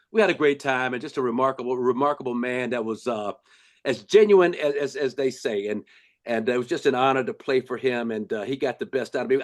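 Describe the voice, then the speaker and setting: An older man from Los Angeles, a former basketball player, telling stories in a casual, animated way with lots of restarts. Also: medium pitch. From Los Angeles, USA. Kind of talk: casual storytelling.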